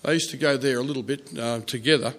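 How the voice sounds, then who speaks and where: A man preaching a sermon, telling a story softly with fillers and restarts. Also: medium pitch. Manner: storytelling, soft and halting with fillers.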